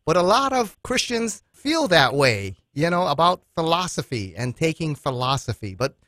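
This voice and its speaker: A man's voice: on the high side, very animated, normal speed, a bit bright, no room sound, clean studio sound. Earnest male radio host. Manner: earnest, tells anecdotes with laughter. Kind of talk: radio interview.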